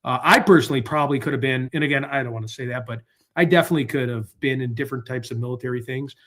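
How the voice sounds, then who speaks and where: A man's voice: mid-range voice, racing, fairly bright tone. A man hosting a casual live stream, rambling and talking to his viewers while he searches online. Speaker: livestream host. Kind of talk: casual livestream chat.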